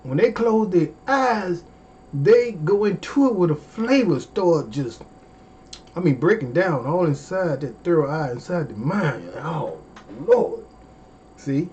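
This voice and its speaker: A man, hosting a comedy livestream in casual chat, animated and folksy, with drawn-out exclamations. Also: on the high side, lo-fi sound, slight background noise.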